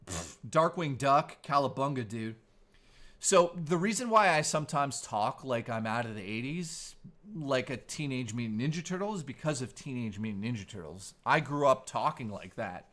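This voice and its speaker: A man's voice: mid-range voice, animated, normal speed, a bit bright. A man in his forties, a streamer host chatting casually in a laid-back, surfer-style way. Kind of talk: casual live-stream chat.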